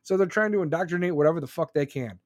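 Man, high-pitched voice, dry close sound, angry profane political rant, sarcastic. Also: fast, dry recording. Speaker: political commentator. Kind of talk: profane live-stream rant.

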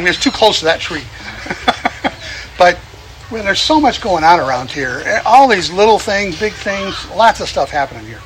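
A man gives an outdoor sermon in a folksy, easygoing manner. He chuckles as he talks and builds his points by repeating phrases. Birds and a steady hiss of outdoor noise sit behind his voice. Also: high-pitched, normal speed. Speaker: preacher. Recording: noisy outdoor recording.

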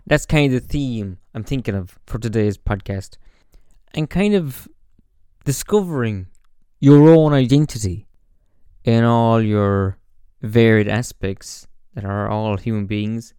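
A man's voice: medium pitch, darkish tone, clean tone, dry recording, clean studio sound. A man hosting his own podcast, talking through his thoughts in a rambling, reflective way full of fillers and restarts, into a podcast microphone. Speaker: podcast host. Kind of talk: casual reflective monologue.

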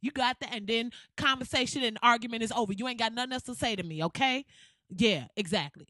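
A woman hosts a podcast in a blunt, sarcastic rant full of profanity. Her voice sits a little high, and the sound is dry and close to the mic. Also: fast talker, bright, forceful tone, no echo. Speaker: podcast host.

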